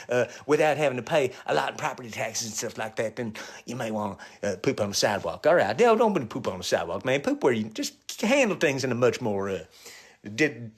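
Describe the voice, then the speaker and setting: A middle-aged male comedian riffing crude jokes to viewers on a phone live stream, dropping to low mutters and jumping to high yelps.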